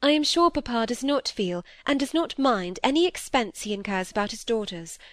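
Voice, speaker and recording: A woman's voice: on the high side, expressive, normal speed, no room sound, studio quality, close to an everyday voice. A woman reading the part of an earnest young woman who speaks firmly and defends her father. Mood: indignant. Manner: earnest, firm. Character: earnest young woman, loyal and quick to indignation.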